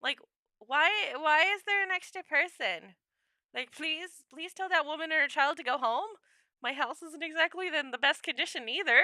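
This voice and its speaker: A high, very bright young woman's voice that leaps all over its range. She rambles chattily on her home stream, laughing often and acting out her own quotes. The sound is dry and close. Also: lively intonation, measured pace, no room sound. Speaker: livestreamer. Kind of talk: casual livestream chat. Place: home room.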